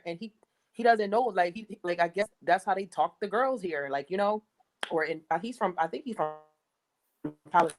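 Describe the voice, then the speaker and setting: Casting: young woman from the US, lowish voice, blunt and profane, casual chat. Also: normal speed, rough recording.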